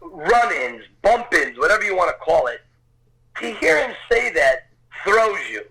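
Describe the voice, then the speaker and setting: A man in his fifties talks as a podcast guest in a bright, ringing voice that sits a little high for a man. He tells his story in a gushing, excitable way and often circles back over his own words. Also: measured pace, creaky, breathy edge, rough recording. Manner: excitable, gushing, repeats himself. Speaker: podcast guest, Rocky film tour guide. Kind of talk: storytelling anecdote.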